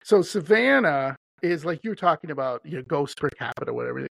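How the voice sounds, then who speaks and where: A man from Wisconsin who hosts a podcast, chatty and animated, telling stories and laughing often. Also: fairly high pitch, a little fast, creaky, no room sound. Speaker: podcast host. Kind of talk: casual podcast chat.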